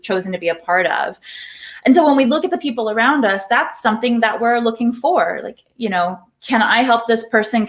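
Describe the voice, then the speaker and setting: In a mid-range voice, a middle-aged woman who teaches psychology responds to an interviewer's questions. Her answers are reflective and explanatory, with occasional repeated words as she works through her thoughts.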